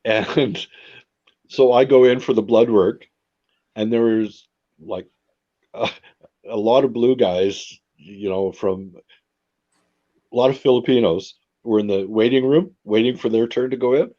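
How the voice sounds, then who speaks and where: A man chatting casually and sharing a relaxed anecdote. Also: mid-range voice, unhurried, long pauses, highs cut off. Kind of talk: casual chat.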